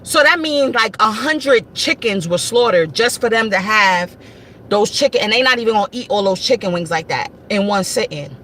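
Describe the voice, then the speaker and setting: A woman's voice: medium pitch, expressive, moderate pace, fairly bright tone, slight background noise. Emphatic woman talking to her viewers. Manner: emphatic, repetitive, addresses viewers directly. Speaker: livestream host. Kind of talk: casual spiritual livestream talk.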